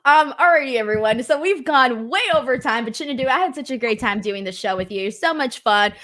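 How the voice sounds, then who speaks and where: A woman's voice: on the high side, a little fast. A woman hosting a show, chatting casually and acting out quotes as she tells stories. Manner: animated storyteller, acts out quotes. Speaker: host. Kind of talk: casual chat.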